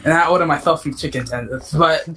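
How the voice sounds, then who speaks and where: A man's voice: a little high, fast, bright, forceful tone, a little hiss or hum, rough recording. A man telling an improvised comic story, rambling with crude jokes and stammering restarts.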